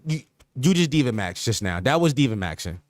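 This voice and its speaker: A man's voice: mid-range voice, big pitch swings, a little fast, no echo. A man hosting a podcast stream in casual chat, riffing with slang in a repetitive, joking, mock-sincere way. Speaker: podcast host.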